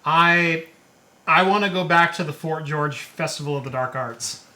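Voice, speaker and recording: Guy hosting a live tech and beer stream, bright voice, kinda high, rambly and trips over words. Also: moderate pace. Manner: chatty, stumbling over words, asks viewers for donations. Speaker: host. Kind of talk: casual live-stream chat.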